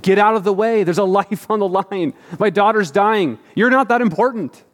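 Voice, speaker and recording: A man's voice: high-pitched, moderate pace, voice pushed up, lightly acted. A man voicing a desperate father, pressing and strained as he urges everyone to hurry. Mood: frantic. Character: desperate father pleading, frantic and urgent. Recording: echoey hall.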